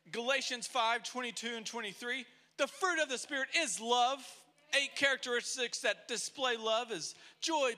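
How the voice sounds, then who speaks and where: A man's voice: extremely high pitch, sharp tone. A man preaching a sermon in a church, telling stories with energy and acting out the people he quotes. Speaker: pastor.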